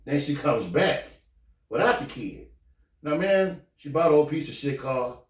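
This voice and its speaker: A man hosting a podcast, telling a story casually, with animated, profane delivery, acting out the quoted lines. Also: on the high side, a little slow. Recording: echoey room, mic at a distance.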